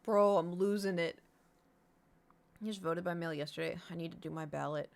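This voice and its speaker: A woman's voice: on the low side, normal speed, gravelly. Chatty, rambling woman streamer. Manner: rambling, self-mocking, chatty with viewers. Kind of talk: casual live-stream chat.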